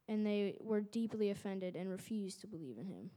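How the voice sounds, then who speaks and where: Woman reading scripture, warm mellow voice, steady and even. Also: mid-range voice, moderate pace, hardly any pauses. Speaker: scripture reader.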